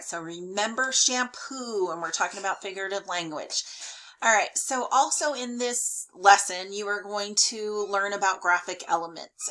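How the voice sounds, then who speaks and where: A woman's voice: medium pitch, sharp tone, rough recording. A woman teacher talking students through a lesson in a chatty way, full of fillers. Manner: talks directly to students. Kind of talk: recorded online lesson.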